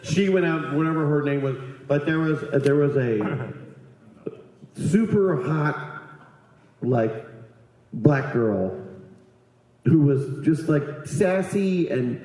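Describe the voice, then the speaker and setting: A man's voice: a little high, lively intonation, slow pace, long pauses, darkish tone, very echoey, rough recording. A man doing stand-up comedy, telling a rambling, profane story and teasing audience members.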